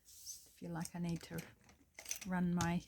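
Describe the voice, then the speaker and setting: A woman's voice: fairly low pitch, monotone, takes it slowly, a little mellow, a little hiss or hum. A woman hosting a casual crafting tutorial at her table, thinking aloud and apologizing with self-deprecating chatter as she works. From New Zealand.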